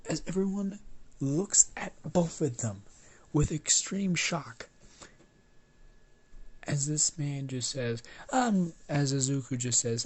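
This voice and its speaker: A man's voice: fairly high pitch, animated, slow, pauses often, a little mellow, breathy edge. A man improvising a fan story aloud, rambling with restarts and swearing.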